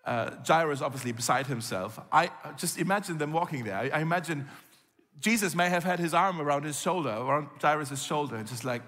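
A man delivers a sermon as an easygoing storyteller and slips into the voices of the people in the story. His voice sits a little high for a man. The sound rings with the long reverb of a large hall. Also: moderate pace, fairly bright tone. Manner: conversational storytelling, acts out quoted lines. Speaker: pastor.

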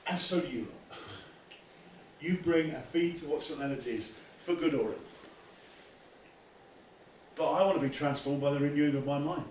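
Man, pastor, animated sermon; slightly high voice, distant mic in a very echoey church hall. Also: normal speed, pauses often, a little hiss or hum. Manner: animated, acts out quoted voices. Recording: echoey room from far off.

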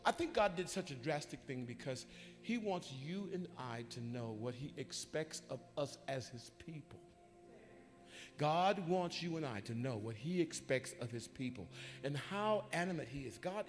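A man, a bishop, preaching a sermon in church with animated, folksy storytelling that swings up into shouting. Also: a little high, moderate pace, long reverb tail, soft background music. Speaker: bishop and pastor. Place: church sanctuary.

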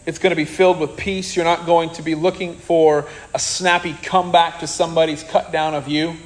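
A man preaching a sermon in an animated way, with joking asides and acted-out quotes. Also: on the high side, brisk, poor audio. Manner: animated, jokey asides, acts out quoted people.

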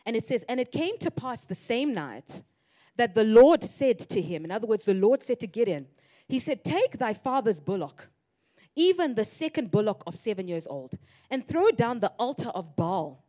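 A woman in her thirties preaching a sermon, telling stories in an animated way and rising to loud, emphatic declarations. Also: a little high, normal speed.

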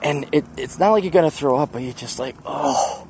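Very noisy audio surrounds a slightly high male voice with vocal fry, speaking a little fast. He hosts a podcast and rambles casually on foot to the bus, laughing often at his own expense.

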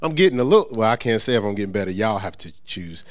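A male pastor preaching a conversational sermon, joking with the congregation and stumbling into quick repeats and restarts. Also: on the low side. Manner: lively, joking asides to the congregation.

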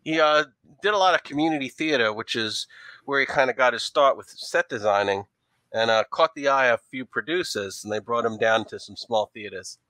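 A man's voice: medium pitch, sharp tone, no echo, close to an everyday voice. A man playing a worried young New York dancer. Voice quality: broad, leaned-in street accent. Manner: hesitant, halting answers full of fillers.

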